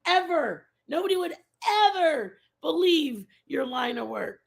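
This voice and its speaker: A woman's voice: high voice, expressive, measured pace, creaky. A woman hosting a casual livestream, chatting with viewers in a rambling, repetitive way. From Mexican family background. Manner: rambling, chatty, repeats herself. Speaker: livestream host. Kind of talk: casual chat with live viewers.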